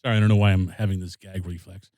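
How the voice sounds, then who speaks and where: A comedian telling a rambling, self-deprecating story on a podcast, with many fillers and restarts. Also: male voice, low-pitched, flat delivery, rapid-fire, warm tone, dry recording. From Wisconsin. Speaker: comedian guest. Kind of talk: casual storytelling.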